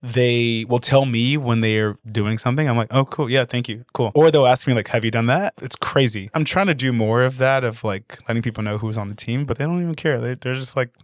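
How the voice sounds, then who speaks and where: Dry-voiced animated man telling stories. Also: mid-range voice, brisk, few pauses, no echo. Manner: animated storyteller, acts out quotes, laughs often. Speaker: guest, company CEO. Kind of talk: casual interview chat.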